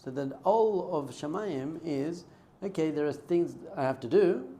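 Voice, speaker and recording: A man's voice: fairly high pitch, animated, a little slow, dark tone. A man, a rabbi, giving an informal class, telling stories and acting out bits of dialogue. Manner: conversational, storytelling with acted-out dialogue.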